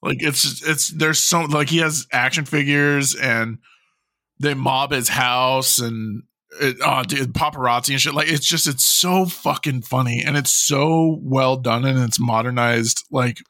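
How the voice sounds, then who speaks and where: Bright-toned man, dry close sound. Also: medium pitch, unhurried, no room sound. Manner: animated, swears casually, shares trivia. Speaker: podcast co-host. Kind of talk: casual movie review chat.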